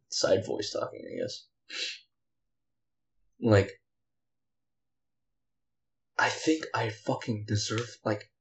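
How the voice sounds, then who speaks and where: A man's voice: on the low side, poor audio. A man hosting a solo podcast, venting bitterly and angrily, rambling with frequent sighs and swearing. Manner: rambling, with many fillers and profanity. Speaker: podcast host.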